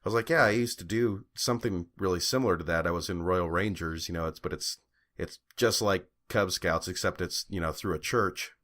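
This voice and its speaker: A man's voice: sits low, fairly quick, fairly bright tone. A young man co-hosting a podcast, telling a long story in casual chat, full of fillers and swearing. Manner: rambling storytelling with fillers and profanity. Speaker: podcast co-host.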